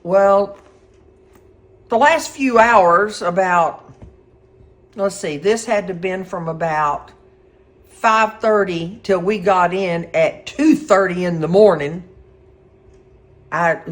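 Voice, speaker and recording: A middle-aged woman, telling a personal story in a folksy, animated way and acting out the quotes. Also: lowish voice, slow pace, pauses often. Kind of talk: casual spoken storytelling.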